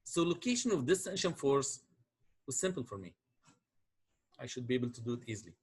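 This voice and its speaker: Man, husky, middle-aged, lecturing step by step, mid pitch. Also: big pitch swings, brisk, darkish tone. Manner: explains step by step, asks checking questions. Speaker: engineering lecturer. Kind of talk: classroom lecture.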